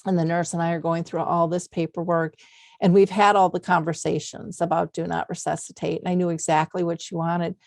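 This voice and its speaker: A woman's voice: on the low side, flat delivery, fairly quick, darkish tone, no room sound, clean studio sound. A middle-aged woman hosting an interview podcast, telling personal stories in an earnest, heartfelt way with many fillers. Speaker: podcast host. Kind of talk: conversational interview.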